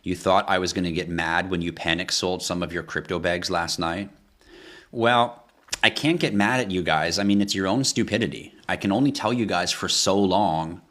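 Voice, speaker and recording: A man's voice: deep voice, normal speed, a bit bright. A man hosting a crypto livestream, ranting passionately with rhetorical questions and frequent swearing. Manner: rhetorical questions, pleading with viewers. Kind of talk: casual livestream talk.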